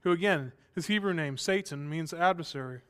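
Smooth-voiced male pastor preaching. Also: a little high, brisk, a bit bright. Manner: earnest, building to emphatic passages, with dry asides. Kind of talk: sermon.

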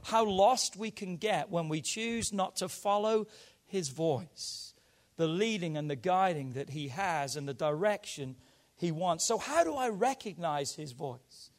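High-voiced man preaching a sermon. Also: animated, unhurried. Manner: conversational preaching, dropping to a hush then rising with emphasis. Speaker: pastor.

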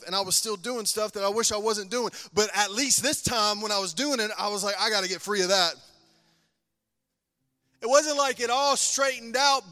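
A man preaching a passionate sermon as pastor, telling his own testimony and swinging between loud bursts and hushed lines. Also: high voice, big-room sound.

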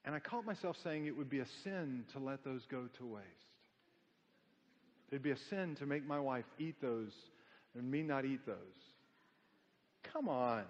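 A man's voice: medium pitch, expressive, unhurried, long pauses. A middle-aged man preaching a sermon, emphatic and full of rhetorical questions and folksy humorous stories. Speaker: pastor. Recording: dull sound with long hall reverb.

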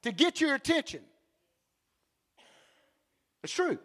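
A male preacher giving a sermon in animated storytelling, with blunt joking asides and bursts of shouting. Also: extremely high pitch, takes it slowly, big-room sound.

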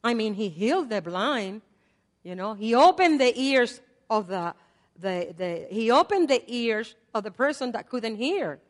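An older woman preaching a sermon in a conversational way. She swings between loud repeated prayers and soft asides. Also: a little high, expressive, measured pace. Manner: conversational, with fillers and laughs. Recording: long hall reverb.

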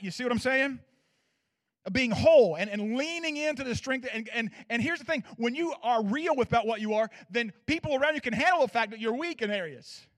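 A man preaching a sermon as pastor, swinging from loud declarations to hushed asides and checking in with his listeners. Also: very high voice. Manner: asks the audience for agreement.

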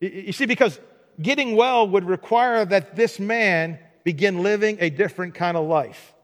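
A man preaching a sermon in a church, animated and acting out mock dialogues for laughs. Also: sits high, normal speed. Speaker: pastor. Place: church sanctuary. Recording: long hall reverb.

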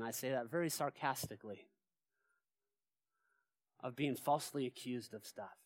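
A male pastor preaching a sermon in a church, animated and asking his congregation rhetorical questions. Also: mid-range voice, normal speed, pauses often, dry recording, clean studio sound. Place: church sanctuary.

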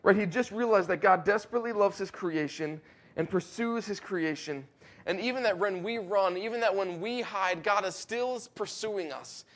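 A man preaching a sermon in an earnest way, rising to emphatic peaks and slowing down to give words weight. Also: sits high, a bit bright. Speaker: pastor.

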